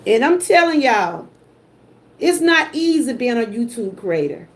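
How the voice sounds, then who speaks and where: A woman's voice: fairly high pitch, sing-song, unhurried, a little hiss or hum. An older woman, chatting emotionally with her live-stream viewers. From Georgia, US. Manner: emotional, talks straight to chat viewers. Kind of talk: casual livestream chat.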